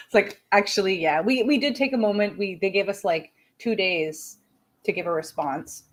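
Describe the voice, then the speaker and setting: A woman in her thirties hosting a live show, chatting casually with viewers, laughing often and making self-deprecating asides. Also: mid-range voice. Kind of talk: casual personal chat.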